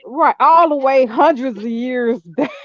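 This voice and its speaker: A woman's voice: sits high, a little slow, dry recording. A woman in casual chat, exasperated and cursing, often laughing. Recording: dull lo-fi dry sound.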